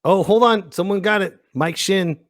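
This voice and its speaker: A man's voice: high voice, normal speed, dry recording, clean studio sound. A man hosting a podcast, casually chatting and reading out viewer comments. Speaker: podcast host.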